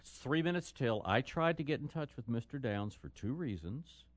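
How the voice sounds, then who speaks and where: A man hosts a casual radio chat, his pitch swinging widely as he jokes and reads items aloud. The studio sound is dry and close, with no room around him. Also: moderate pace, dry recording. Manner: lively, jokey, reads items aloud with asides. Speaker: radio show host.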